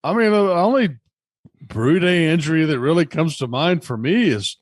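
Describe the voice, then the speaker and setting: A man's voice: a little high, lively intonation, normal speed, dry recording. A man co-hosting a casual podcast chat, telling stories in an easygoing way. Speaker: podcast co-host.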